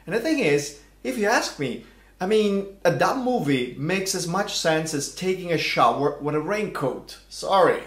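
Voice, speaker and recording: Male vlog host, middle-aged, theatrical and animated, bit high, roomy echo. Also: measured pace, slight background noise. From Italy. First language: Italian. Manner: animated, theatrical, exaggerated outrage. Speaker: language channel host. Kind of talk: casual vlog commentary. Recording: echoey room.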